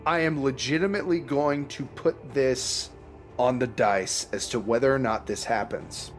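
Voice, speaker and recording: A man's voice: medium pitch, normal speed, faint music behind. A man narrating a tabletop game as dungeon master, casual and profane.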